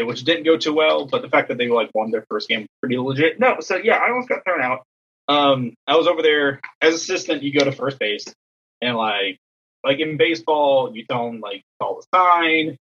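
A man, an assistant softball coach, telling a story in casual chat, acting out other people's lines in a raised voice. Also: mid-range voice, husky, muffled recording.

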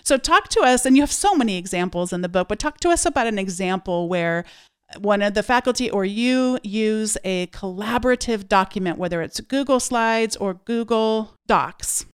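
A woman hosting an interview, asking questions in an engaged, quick way, sometimes joking about herself. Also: medium pitch, animated, clean tone. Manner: engaged, quick, self-deprecating. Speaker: podcast host. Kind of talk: conversational interview.

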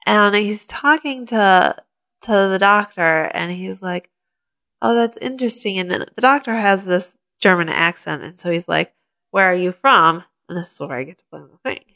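A woman's voice: medium pitch, lively intonation, moderate pace, creaky, pushed and bright. A woman co-hosting a podcast, recapping a movie in casual chat and eagerly explaining facts. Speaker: podcast co-host.

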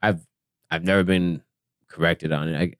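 A man who is a combat veteran, speaking in casual chat with a stutter and halting restarts. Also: sits low, steady tone, dry recording, clean studio sound. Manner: stuttering, halting, trails off quietly.

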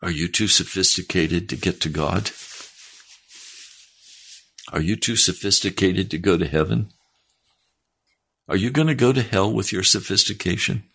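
A man's voice: deep voice, normal speed, gravelly, pauses often, fairly bright tone, breathy edge. A male preacher retelling a first-person story in his sermon, emphatic and challenging his listeners directly.

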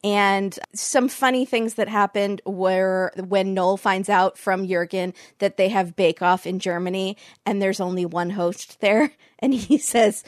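A woman's voice: mid-range voice, fairly even intonation, measured pace, few pauses, dry recording. Chatty woman recapping with dry sound. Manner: laughs often, acts out quotes. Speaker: podcast co-host. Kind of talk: casual chat recapping a show.

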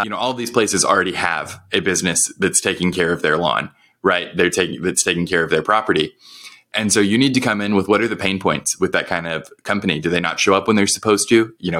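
Low-voiced man giving practical business advice. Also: pushed and bright. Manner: conversational, explains step by step with practical advice. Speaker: podcast co-host. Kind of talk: casual podcast chat.

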